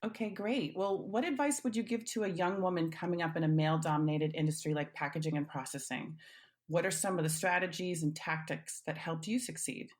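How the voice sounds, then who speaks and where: A woman interviewer with a slightly low voice, putting prepared questions to her guest. Her delivery is measured and clear. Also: steady tone. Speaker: interviewer, magazine editor.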